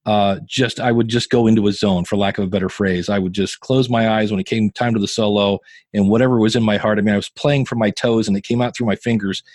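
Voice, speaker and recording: A fast-talking man whose voice sits on the low side, recorded with no echo, shares stories in a casual interview. He's in his fifties, hails from Northeast Ohio, works as a podcaster and guitarist, and animatedly quotes the people in his tales.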